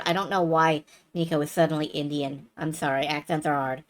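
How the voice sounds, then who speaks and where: Low-voiced woman streamer with chatty, wry commentary for a live stream. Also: steady tone, fairly quick, few pauses. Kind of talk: casual live-stream chat.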